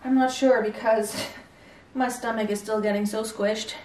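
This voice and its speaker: Slightly breathless woman chatting to her camera, higher voice, kinda roomy and far from the mic. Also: steady tone, a little slow, a little mellow. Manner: chatty, candid, mildly breathless. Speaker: vlogger. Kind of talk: casual pregnancy update vlog. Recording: echoey room, voice from far off.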